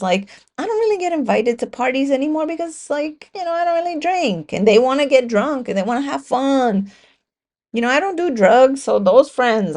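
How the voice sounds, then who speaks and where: A woman's voice: medium pitch, darkish tone. A woman hosting her own podcast, talking alone in a raw, confessional way and swearing freely. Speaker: podcast host. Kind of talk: candid solo podcast monologue.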